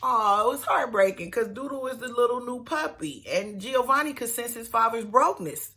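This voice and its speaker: A woman's voice: on the high side, animated, normal speed, few pauses, pushed and bright. A woman giving a sassy, chatty recap of a reality show, with slangy asides to her viewers. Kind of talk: casual TV episode recap.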